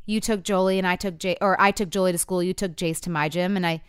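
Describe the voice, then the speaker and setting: Talking fast in a smooth voice on the low side, a woman in her thirties tells a couple's story candidly, performing each quoted line with animation. The recording is dry and studio-clean.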